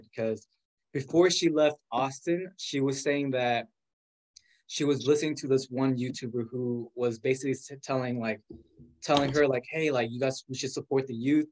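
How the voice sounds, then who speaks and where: Young man in his twenties, chatty storyteller, fast and animated, filler-heavy, mid-pitched. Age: 20s. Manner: animated, quick, full of "like" fillers, acts out quoted voices. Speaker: guest. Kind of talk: casual storytelling.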